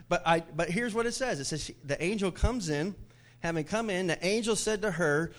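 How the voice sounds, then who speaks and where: A man's voice: high voice, a little fast. A middle-aged male pastor preaching a sermon to his church, telling stories with jokes and laughter. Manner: animated storytelling with jokes and laughs.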